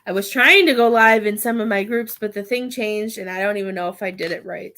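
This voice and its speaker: A woman's voice: medium pitch, a little fast, bright, forceful tone. A woman chatting casually with viewers on a livestream, rambling and laughing often as she offers readings. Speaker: psychic medium livestreamer.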